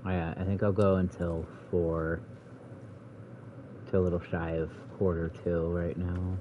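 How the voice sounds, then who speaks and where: A man with a low, deep voice talks through a video game in a relaxed, rambling way, thinking aloud as he plays. The recording is dull and lo-fi, with a faint hiss underneath. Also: measured pace. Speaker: let's play gamer. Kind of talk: casual gameplay commentary.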